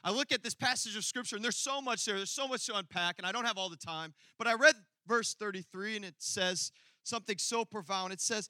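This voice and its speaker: A man's voice: high-pitched, brisk, bright, forceful tone, no room sound. A man preaching a sermon to a congregation, telling a story with laughter and asides to the crowd. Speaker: pastor. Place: church hall before a congregation.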